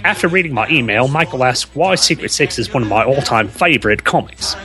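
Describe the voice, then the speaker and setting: A man's voice: mid-range voice, animated, brisk, pushed and bright. A man reading out a fan letter in a put-on Australian accent, playing a male comic-book fan. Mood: cheery. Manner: hammy, exaggerated reading.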